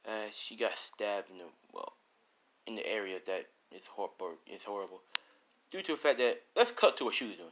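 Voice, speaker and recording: A man's voice: on the low side, expressive, moderate pace, a bit bright, a little hiss or hum. A man casually narrating a fan story, rambling with slangy, profane asides.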